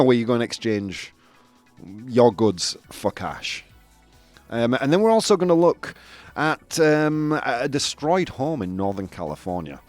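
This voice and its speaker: Male stream host, chatty and self-mocking, animated delivery, dry booth sound. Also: on the high side, dry recording. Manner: chatty, self-mocking, reads out chat messages. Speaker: live-stream show host. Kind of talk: casual live-stream chat.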